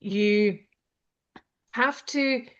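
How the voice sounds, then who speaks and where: A woman's voice: medium pitch, very slow, clean tone. A British woman hosting a live conversation, talking directly and rambling with many fillers. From Britain. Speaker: host. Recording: dull lo-fi sound.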